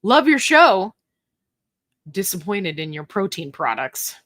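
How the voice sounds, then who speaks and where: A woman's voice: medium pitch, very animated, slow, fairly bright tone, no echo, clean studio sound. A woman hosting a casual live Q&A stream, reading viewer comments aloud in a chatty, playful and self-mocking way, laughing often. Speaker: livestream host.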